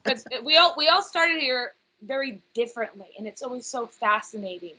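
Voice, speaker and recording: A woman's voice: on the high side, expressive, fairly quick, pushed and bright, husky, poor audio. A woman in her thirties hosting a casual podcast chat, chatty and self-deprecating, often apologizing for her swearing. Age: 30s. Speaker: podcast host.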